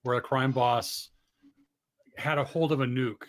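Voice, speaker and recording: A man sitting at a tabletop game and chatting casually in a relaxed, storytelling way. His voice has a middling pitch and sounds dry, with no room echo. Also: unhurried. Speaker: player.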